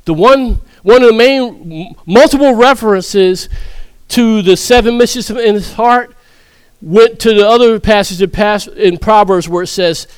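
A man's voice: high voice, a little slow, clean tone, no echo. A man preaching a sermon in a humorous, conversational way, often laughing.

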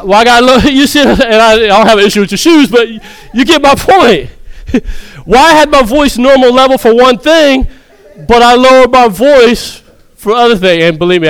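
Man preaching, high voice, smooth clear tone, jokes and laughs a lot. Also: no room sound. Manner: humorous, laughs often, animated and conversational. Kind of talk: sermon.

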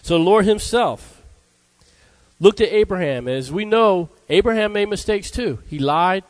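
A man's voice: high voice, lively intonation, a little slow, no echo, rough recording. A man preaching a sermon in a fervent call-and-response style, often asking "Amen?" and breaking into "Hallelujah,".

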